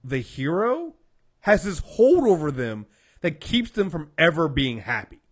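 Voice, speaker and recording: A man co-hosting a casual podcast about comic books, retelling stories in an animated way with lots of fillers. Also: on the high side, unhurried, husky. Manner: animated storyteller, acts out quotes, many fillers. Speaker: podcast co-host. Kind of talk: casual comic book chat.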